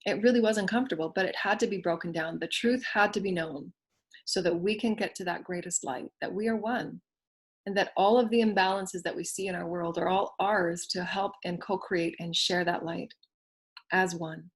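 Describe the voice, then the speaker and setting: A woman giving a spiritual teaching talk, speaking in slow, repetitive affirmations that often drift soft and hushed. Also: on the low side, steady tone, breathy edge.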